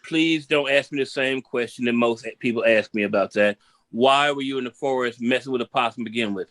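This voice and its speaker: A man from Memphis, performing a seated stand-up comedy set in an animated storytelling style and repeating punchlines for emphasis. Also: medium pitch, fairly quick, dry recording. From Memphis, Tennessee.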